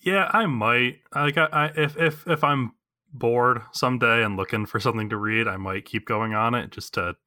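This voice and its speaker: A man in a casual podcast chat who makes deadpan, sardonic remarks. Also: mid-range voice, moderate pace, no echo, clean studio sound.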